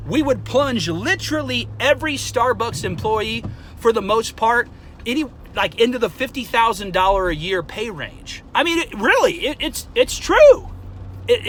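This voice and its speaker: A man vlogging an angry, profane rant, flaring up heatedly and then calming down. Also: high voice, a little hiss or hum, poor audio. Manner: profane, heated ranting that flares up and then calms.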